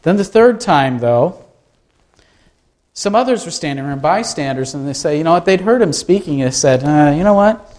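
A man's voice: fairly high pitch, lively intonation, normal speed, a little mellow. A man preaching a sermon in a conversational way, asking his listeners rhetorical questions. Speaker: pastor.

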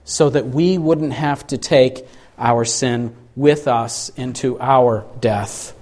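A man's voice: medium pitch, steady tone, slow, a little mellow. A man preaching a sermon, speaking earnestly and reading scripture with dramatic emphasis.

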